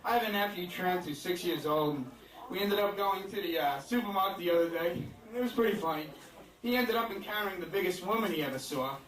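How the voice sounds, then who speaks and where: On a comedy club stage, a male stand-up with a high voice talks fast through a crude, self-deprecating set packed with fillers. The club is echoey, the mic sounds distant, and the crowd's laughter comes through loudly.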